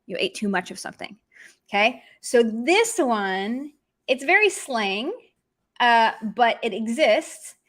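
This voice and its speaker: A woman giving an online language lesson in a slightly high voice. She explains things in a chatty, informal way and slips into sarcastic tones to act out her examples. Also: lively intonation, takes it slowly, a bit bright. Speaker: language teacher.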